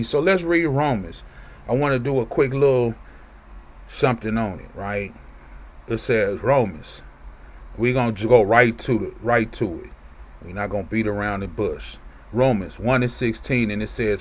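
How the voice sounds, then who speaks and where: A man's voice: mid-range voice, normal speed. A man teaching from scripture in a loose, conversational way, reading verses aloud and often checking in with listeners. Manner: conversational, keeps asking "right?". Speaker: preacher.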